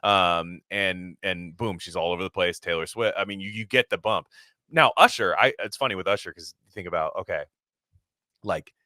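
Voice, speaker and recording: Bright-voiced man rambling on a podcast. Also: deep voice, dry recording, studio quality. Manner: rambling, halting, profane. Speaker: podcast co-host. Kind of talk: casual chat.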